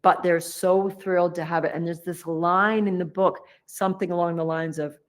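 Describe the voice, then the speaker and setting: A woman's voice: lowish voice, normal speed, hardly any pauses. Chatty woman teacher acting out a story. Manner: chatty, animated, playfully acts out the characters. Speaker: meditation teacher. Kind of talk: humorous dharma talk, storytelling.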